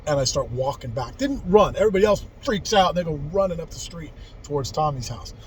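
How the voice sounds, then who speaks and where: A man's voice: a little high, expressive, fast, slight background noise, low-quality recording. A man in his forties casually telling a story from his youth, rambling and candid, with frequent swearing and restarts. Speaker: vlogger telling life stories.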